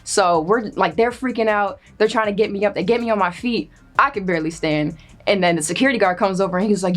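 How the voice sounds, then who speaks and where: A young woman spins a funny story with lively, expressive delivery, swearing as she goes and slipping into the voices of the people she quotes. Her pitch sits in a middle range, and faint music plays underneath. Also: fast talker. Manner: animated, profane, acts out quoted voices. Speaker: storyteller guest. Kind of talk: casual comedic storytelling.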